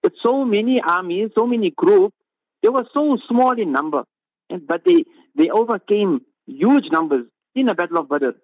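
High-voiced man giving an impassioned religious talk. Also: expressive, normal speed, dry recording, lo-fi sound. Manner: emphatic, with rhetorical questions and repeated phrases. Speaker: Islamic scholar giving a talk.

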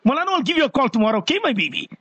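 A man's voice: very high-pitched, big pitch swings, racing, pushed and bright, highs cut off, slight background noise. A man hosting a live call-in radio show, speaking in an emotional, fervent way and praying aloud for his listeners. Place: radio studio.

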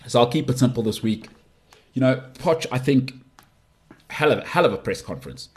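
Rambling man hosting a podcast. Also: normal speed. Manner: animated, rambling, with big swings in pitch. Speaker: podcast host. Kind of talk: casual opinionated sports monologue.

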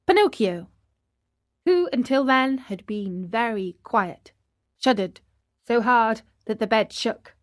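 A woman reading a children's story aloud in a gentle, unhurried way. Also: fairly high pitch, no room sound, studio quality. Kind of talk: scripted storybook narration.

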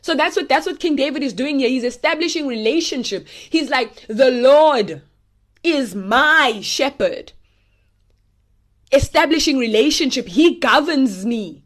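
A young woman giving a casual, animated Bible teaching, talking straight to her listeners in a direct, preachy way. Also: sits high, moderate pace, few pauses. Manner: animated, preachy and direct, speaking to viewers as y'all.

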